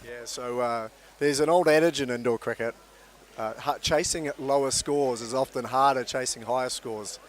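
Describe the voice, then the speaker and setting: A man's voice: mid-range voice, moderate pace. A man with a New Zealand accent giving chatty live sports commentary, with many fillers and restarts.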